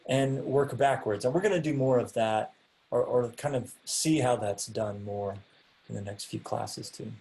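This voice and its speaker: A man's voice: mid-range voice, normal speed, gravelly, darkish tone. A young man teaching a class over a video call, speaking casually with many ums and restarts.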